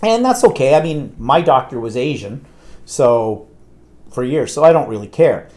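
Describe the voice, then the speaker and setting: A man's voice: mid-range voice, expressive, moderate pace, darkish tone. A man, co-hosting a live talk show and telling a long, exasperated anecdote in casual chat. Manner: rambling anecdotal storyteller, exasperated. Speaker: co-host.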